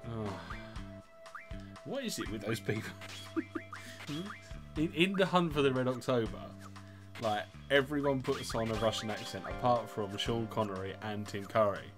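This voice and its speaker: A man's voice: mid-range voice, animated, moderate pace, long pauses. English guy on a gaming stream, swears and jokes a lot, voice bouncing up and down, music playing behind. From England. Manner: jokey, swearing, laughing often. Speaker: livestream host. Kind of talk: casual gaming stream chat.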